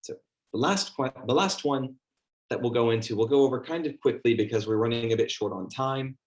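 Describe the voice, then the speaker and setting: A man giving a teacher training workshop, speaking conversationally and acting out the questions he asks his class. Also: medium pitch. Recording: echoey room.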